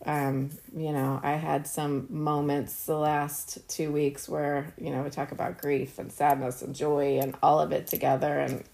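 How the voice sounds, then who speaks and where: A middle-aged podcast co-host chats casually, earnestly telling stories packed with fillers. Her voice is low, gravelly, and a little mellow, with little pitch movement, and she speaks unhurriedly with hardly any pauses.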